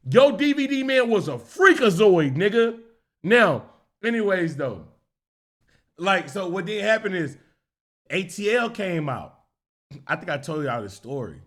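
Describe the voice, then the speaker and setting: A young man telling an animated, profane story as a streamer, acting out characters and laughing often. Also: very high voice.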